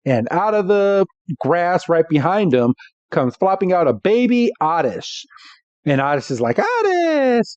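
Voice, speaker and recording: A man co-hosting a podcast, telling what happens in an episode in loose, relaxed talk full of fillers. His voice is warm and mellow, with a dry, close sound and slightly dull audio. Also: fairly high pitch, measured pace, dry recording. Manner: relaxed storytelling with frequent fillers. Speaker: podcast co-host. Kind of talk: casual episode recap.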